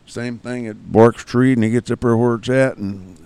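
Gravelly older man spinning folksy yarns. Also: medium pitch, normal speed, a little mellow. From Kansas, US. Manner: folksy yarn-spinning with rough grammar. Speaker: guest. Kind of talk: casual storytelling.

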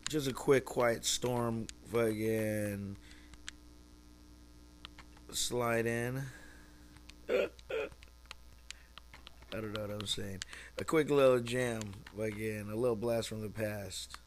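A man's voice: fairly low pitch, steady tone, takes it slowly, long pauses, slight background noise. A young man from California hosting a casual solo podcast, talking in a laid-back, slangy and profane way. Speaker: podcast host.

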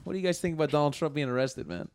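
A man's voice: fairly high pitch, racing, crowd noise. A man co-hosting a podcast in casual chat, joking and sarcastic, swearing freely. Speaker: podcast co-host.

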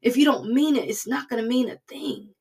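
A woman giving an informal devotional talk in an earnest, preaching manner, sometimes dropping to a soft hush. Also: fairly high pitch, a little fast, slightly rough. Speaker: devotional speaker.

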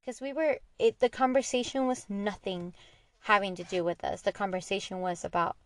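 Gravelly young woman telling a story. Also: mid-range voice, steady tone, normal speed, no echo. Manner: earnest, candid, retelling conversations. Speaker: podcast host. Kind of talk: personal storytelling monologue.

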